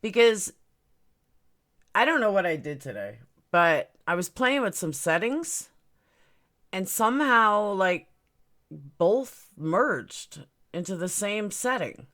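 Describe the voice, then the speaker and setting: A woman's voice: medium pitch, big pitch swings, slow pace, long pauses, a bit bright. A woman hosting a casual livestream, rambling about her stream settings and greeting viewers by name. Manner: puzzled, fiddling with stream settings. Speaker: livestream host.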